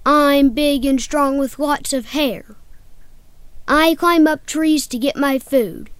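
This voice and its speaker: A woman's voice: high-pitched, slow pace, dry recording. A woman speaking in a playful, sing-song way, reciting rhymes and leading a countdown for young children. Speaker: children's presenter.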